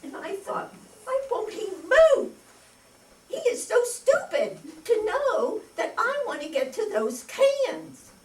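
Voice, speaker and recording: Speaking slowly with frequent pauses, an older woman uses a slightly high voice with big swings in pitch. She's an amateur actor on a community stage, recorded from a distance before an audience, playing a cranky, quick-to-anger bag lady in a comic monologue full of indignant rambling and sudden outbursts.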